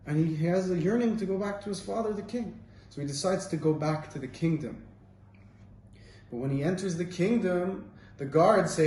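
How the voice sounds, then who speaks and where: A man's voice: on the high side, normal speed, mellow. A man giving an informal Torah talk, telling stories in a casual, rambling way with many fillers. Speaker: Torah teacher. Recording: roomy, distant mic, faint ambience.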